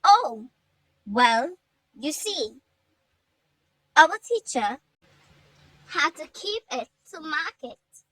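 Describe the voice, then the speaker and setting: Woman doing an eager, determined young girl in a storybook, high bright voice. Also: big pitch swings, extremely slow, pauses often, no room sound, heavily acted, low-quality recording.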